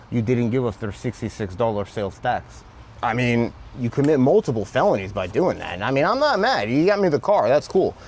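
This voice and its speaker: A medium-pitched male voice with a faint hiss or hum comes from a vlog host fixing a car in his garage. He narrates the hands-on work and tells a story in a joking, casual manner, swearing now and then.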